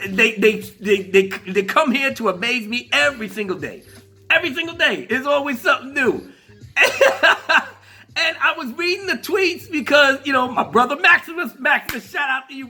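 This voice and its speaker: A male vlogger hosting his own show in an animated, profane, laughing rant. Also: very high voice. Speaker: vlogger host. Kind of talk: casual rant.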